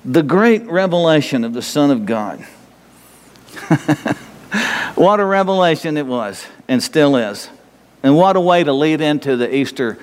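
A man's voice: fairly high pitch, in a large hall. A man preaching a sermon, emphatic and rambling, pressing his listeners with repeated questions. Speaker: pastor.

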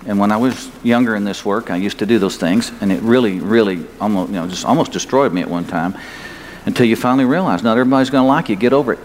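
A man's voice: fairly low pitch, quick pace, a little hiss or hum. An older male pastor preaching a sermon in a folksy, emphatic way, his voice rising on key points. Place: church sanctuary. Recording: long hall reverb, faint ambience.

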